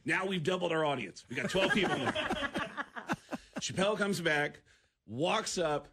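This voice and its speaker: A comedian spins a story on a radio show, his voice leaping up and down as he acts out the people in it. He tends to stammer and repeat words, sitting a little higher than most men. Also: moderate pace, a little hiss or hum. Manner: animated, acts out quotes, stammers and repeats himself. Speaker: guest comedian.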